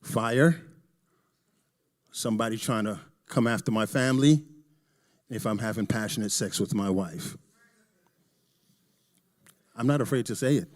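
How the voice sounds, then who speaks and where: A middle-aged man giving a candid, joking talk to a church audience, swinging between loud emphasis and quiet asides. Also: medium pitch, moderate pace, long pauses. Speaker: church presenter.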